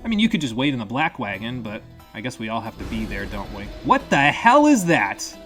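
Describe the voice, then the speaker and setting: Male game streamer, casual think-aloud commentary, lively pitch, faint music underneath. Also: quick pace. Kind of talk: live gameplay commentary.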